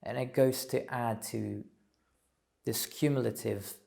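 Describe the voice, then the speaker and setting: A man giving a slow, thoughtful spiritual talk, pausing often with fillers. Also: medium pitch, fairly even intonation, vocal fry, a little mellow. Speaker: spiritual teacher. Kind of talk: reflective solo talk.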